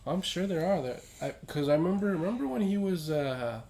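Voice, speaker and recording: Gravelly-voiced young man, laid-back. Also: a little high, animated, brisk, a little mellow. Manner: laid-back, hedging, easygoing. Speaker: podcast co-host. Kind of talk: casual chat.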